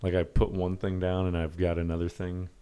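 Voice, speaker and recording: A man co-hosting a podcast in casual chat, making dry, deadpan jokes. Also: sits low, a little fast, clear, resonant tone. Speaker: podcast co-host.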